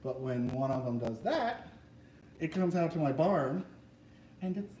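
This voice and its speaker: A man's voice: on the high side, expressive, a little slow, dark tone. A man hosting a casual chat, joking and goofy in his banter. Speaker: host. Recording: echoey room, mic far off, faint noise.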